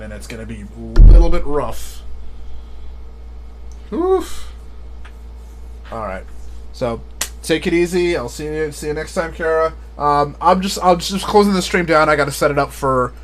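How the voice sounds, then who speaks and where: A man's voice: medium pitch, fairly quick, slight background noise. A man chatting casually on a live stream, rambling and often laughing at his own jokes.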